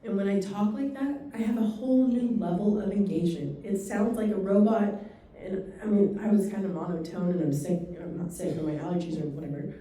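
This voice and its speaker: A woman giving a dementia care training talk to a live audience, telling stories and quick asides in a fast, animated way. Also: mid-range voice. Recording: echoey room from far off.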